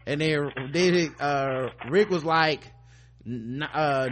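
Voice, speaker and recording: A man's voice: a little high, extremely slow, fairly bright tone, a little hiss or hum. A man hosting a podcast, recapping a TV episode in loose, profane casual chat and mimicking the characters as he goes. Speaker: podcast host.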